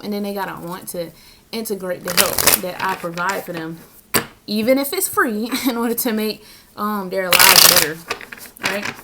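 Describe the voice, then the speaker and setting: A woman's voice: medium pitch, moderate pace, very noisy. Blunt, slangy young woman, laughing often. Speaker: tarot reader. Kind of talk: casual spiritual vlog monologue.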